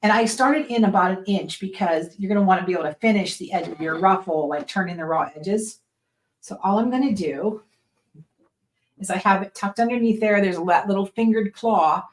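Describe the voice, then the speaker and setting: A woman's voice: mid-range voice, brisk. Chatty woman teaching a sewing class. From Western Pennsylvania. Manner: chatty, explains step by step with frequent "right?" and "okay?". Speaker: sewing instructor. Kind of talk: casual sewing tutorial.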